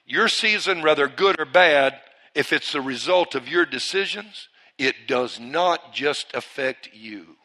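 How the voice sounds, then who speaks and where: A man preaching a sermon to his church, swinging between loud, forceful bursts and hushed lines, and leading the congregation in call-and-response. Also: fairly high pitch, lively intonation, a little slow. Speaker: pastor. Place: church service.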